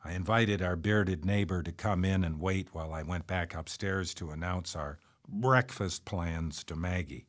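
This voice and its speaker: Low, reflective male memoir narrator. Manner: reflective, measured storytelling.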